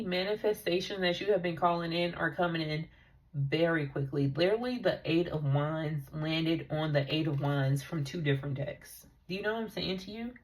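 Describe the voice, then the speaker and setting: A woman with a fairly low voice giving an intuitive tarot reading. She speaks earnestly and with emotion, leaning on casual fillers as she goes. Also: low-quality recording. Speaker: tarot reader.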